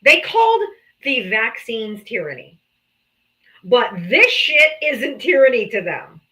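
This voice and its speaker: A woman, a mother, hosting a live political talk stream in casual, animated chat, swearing freely. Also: a little high, takes it slowly, rough recording. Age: adult mother. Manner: animated, swears freely, slips into comic voices.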